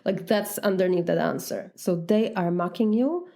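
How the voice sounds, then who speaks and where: Polish accent lady coaching, mellow voice, talks straight and earnest. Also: medium pitch, normal speed, creaky. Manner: earnest, direct, acts out sample dialogues. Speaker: life coach. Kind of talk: coaching podcast talk.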